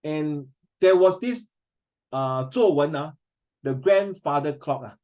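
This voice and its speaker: Middle-aged Singaporean English teacher, male, expressive storyteller, slightly high pitch. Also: slow. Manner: animated, emotional, switches into Mandarin. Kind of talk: classroom lesson, emotional storytelling.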